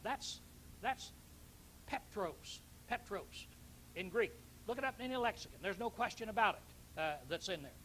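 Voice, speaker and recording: A man's voice: high voice, lively intonation, normal speed, pushed and bright, slight background noise, low-quality recording. A man preaching a Bible teaching sermon, emphatic, repeating key words and questioning his listeners.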